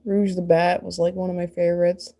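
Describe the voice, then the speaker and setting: Laughing, rambling woman with a mellow voice. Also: on the low side, flat delivery, a little fast. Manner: rambling, laughs often, self-deprecating. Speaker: crafter and mother. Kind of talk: casual chat while sculpting.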